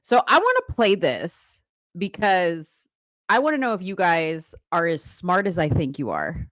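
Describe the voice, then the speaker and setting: A woman's voice: on the low side, wildly swooping pitch, measured pace, a bit bright, dry recording, clean studio sound. A woman co-hosting a casual political livestream, chatty and agreeable. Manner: chatty, agreeable, reads captions aloud. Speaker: co-host.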